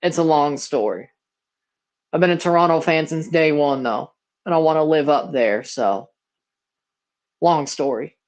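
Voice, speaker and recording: A man's voice: fairly high pitch, measured pace, long pauses. Blunt young man with a Southern twang. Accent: near-Southern American. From Mississippi, USA. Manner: blunt, rambling, slangy. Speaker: livestream host. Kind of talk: casual watchalong play-by-play and chat.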